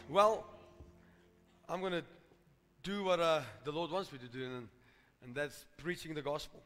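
A man's voice: on the high side, a little slow, pauses often, a bit bright, faint music behind. A man preaching a sermon in a church, emphatic and repetitive, calling out to the congregation. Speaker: pastor. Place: church hall. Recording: reverberant church hall.

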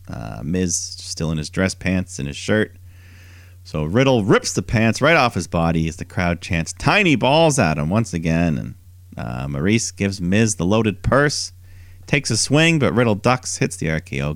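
Co-host, male, low voice with lively swings, chatty recap storyteller. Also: normal speed, no echo, studio quality. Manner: animated storytelling, mimics quoted wrestlers in higher voice. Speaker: podcast co-host. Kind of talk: casual wrestling recap.

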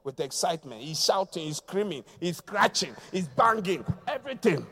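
A man preaching a sermon, his voice high and wildly lively in pitch. He swings from shouted repetitions down to quiet, low asides. He is a pastor from Ghana. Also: moderate pace, breathy edge. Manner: swings between shouting and low quiet delivery, repeats phrases.

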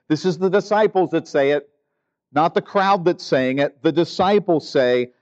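A male pastor preaching a sermon in a lively, conversational way, sometimes acting out the people in the story. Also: fairly high pitch, moderate pace. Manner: animated, acts out the grumbling disciples. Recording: dull lo-fi sound.

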